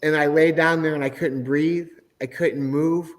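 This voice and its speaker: A man's voice: fairly high pitch, steady tone, measured pace. A middle-aged man, a podcast guest, telling his personal faith testimony in an earnest, emotional way. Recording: long hall reverb.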